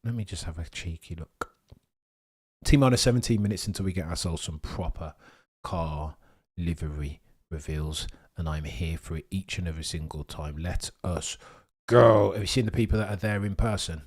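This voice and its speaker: British man, young, cheeky banter, live-stream chat, lowish voice. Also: moderate pace.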